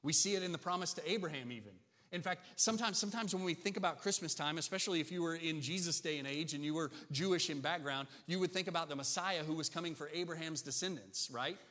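Male pastor, sermon, emphatic, fairly high voice, long church reverb. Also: fast talker, hardly any pauses, pushed and bright. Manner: emphatic, asks the congregation "right?". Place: church sanctuary.

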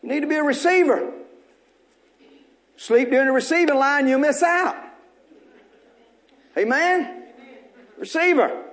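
Male pastor, very high voice, call-and-response sermon, folksy. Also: measured pace, long pauses, fairly bright tone. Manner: call-and-response preaching, repeating short phrases to the congregation; folksy, joking asides.

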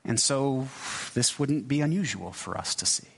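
A man giving a sermon as a pastor, in a conversational, halting way with many restarts and asides. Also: medium pitch, animated, gravelly, breathy edge. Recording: long hall reverb.

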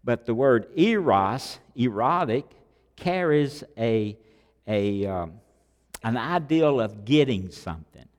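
A man preaching a sermon, emphatic, repeating key phrases and swinging between loud and quiet. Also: medium pitch, animated, slow. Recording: long hall reverb.

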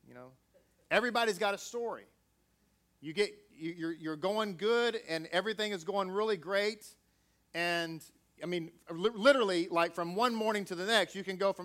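A man reads scripture aloud, then preaches conversationally, tossing jokey asides to the congregation. His voice sits high and a bit bright, at a moderate pace.

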